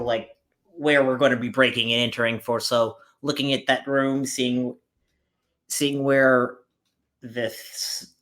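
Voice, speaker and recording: A tabletop player who speaks casually and plainly at a middle pitch, laying out plans step by step in a matter-of-fact way. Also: bright, forceful tone. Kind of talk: tabletop role-play.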